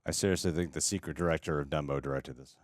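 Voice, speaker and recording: A man's voice: extremely low pitch, fast talker, music in the background. A man hosting a movie reaction, joking through the film in casual commentary. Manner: wisecracking, animated. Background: film audio playing.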